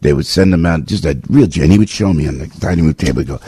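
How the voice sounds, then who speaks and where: An older man hosting a morning talk radio show, telling rambling, emphatic stories that climb high when he gets worked up, on a close studio mic. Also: racing, dark tone, slightly rough, no echo. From New Jersey.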